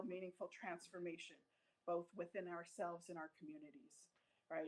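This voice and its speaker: A woman's voice: fairly low pitch, a little mellow, poor audio. A woman giving a talk to a live audience, speaking bluntly with jokes and often asking "right?". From United States. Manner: direct, blunt and joking, keeps checking in with "right?". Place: event room with a live audience.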